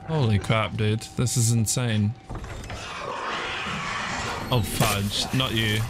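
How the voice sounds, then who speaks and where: A young man commentating his own horror game playthrough, talking through every move and breaking into shrill panicked yelps when startled. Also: fairly even intonation, slow pace, very noisy. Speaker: gaming streamer. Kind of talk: let's play commentary. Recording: game sounds and clicks behind the voice.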